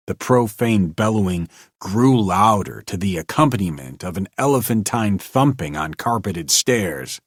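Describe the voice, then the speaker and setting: A man narrating an old-time radio style story with expressive storytelling. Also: sits low, a little slow, breathy edge, dry recording, clean studio sound.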